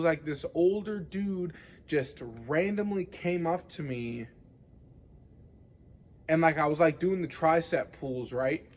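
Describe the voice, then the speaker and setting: A young man rambles to the camera in a casual vlog, his voice sitting a little on the high side. He leans on filler words and swears freely as he talks. A faint hiss of room ambience runs underneath. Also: a little mellow. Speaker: vlogger.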